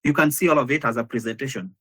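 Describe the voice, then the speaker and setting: A man, a guest speaker, chatting casually before a live online session, talking in a hesitant, halting way with frequent restarts over a video call. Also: mid-range voice, a bit bright, breathy edge. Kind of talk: casual pre-show chat.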